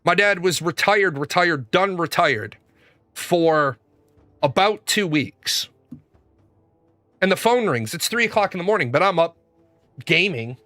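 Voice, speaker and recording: A man's voice: high-pitched, animated, unhurried, pauses often, pushed and bright, no room sound, soft background music. A man hosting a gaming show, telling stories in a casual, blunt and profane way, rambling as he goes. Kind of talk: casual livestream storytelling.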